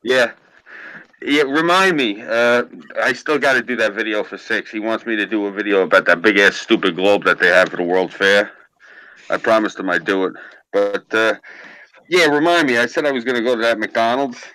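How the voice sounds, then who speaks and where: A man's voice: on the low side, moderate pace, pushed and bright, dry recording, rough recording. A man from Queens, telling rambling, profane stories as a podcast host in casual chat. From Queens, New York.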